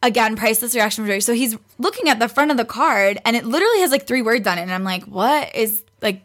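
A chatty young woman with a slightly high voice tells a story in a relaxed interview. She slips into the voices of the people she quotes and laughs easily as she goes. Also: fast talker. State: pregnant. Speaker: guest. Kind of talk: casual storytelling.

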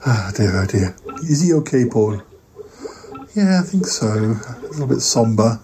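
A man's voice: mid-range voice, sing-song, unhurried, a little mellow, a little hiss or hum, rough recording. A man hosting a comedy podcast, talking hesitantly with many stammered restarts. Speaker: podcast host. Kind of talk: comic skit chat.

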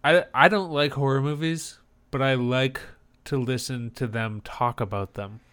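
A man's voice: mid-range voice, steady tone, measured pace, a bit bright, clear, resonant tone. A man co-hosting a podcast in casual chat, rambling with lots of fillers as he searches for words. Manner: rambling, many fillers and restarts. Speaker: podcast co-host.

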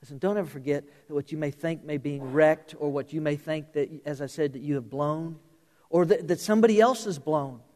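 A man preaching a sermon, telling a story with lively emphasis and repeated words, then dropping soft and low to drive a point home. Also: a little fast. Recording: reverberant hall.

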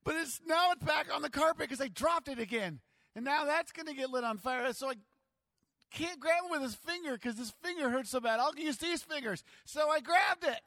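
A man telling a self-mocking childhood story as a sermon to his church, animated and dramatic. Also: very high voice, moderate pace, no room sound.

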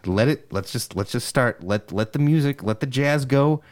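A man's voice: medium pitch, lively intonation, normal speed. A man hosting a podcast, talking in crude casual banter and goading his co-host.

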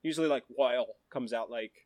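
A man's voice: mid-range voice, moderate pace, a bit bright, dry recording. Laid-back, rambling man, dry sound. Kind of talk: casual chat.

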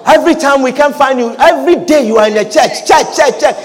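A man's voice: extremely high pitch, fast, big-room sound. A man voicing an earnest male disciple who scolds his teacher, pleading and then indignantly rebuking him.

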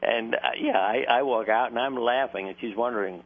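A man with a medium-pitched voice, a doctor and interview guest, tells earnest, anecdotal stories at a brisk clip, laughing from time to time. The sound is tinny, like a phone line, with faint noise.

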